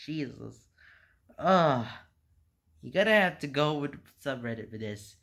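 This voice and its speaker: Male reaction host, unhurried delivery, laughing through tears. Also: on the high side, animated, gravelly, a bit bright. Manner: helpless laughter, talking through giggles. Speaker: channel host. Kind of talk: reaction video commentary.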